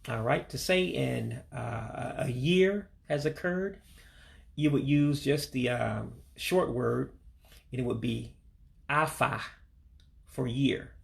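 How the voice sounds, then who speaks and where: Middle-aged male teacher with a heavy gravelly rasp who drills each word slowly and patiently. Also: mid-range voice. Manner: slow, repeats each word for practice. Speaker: language learner teaching vocabulary. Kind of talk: casual spoken language lesson. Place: back room at home.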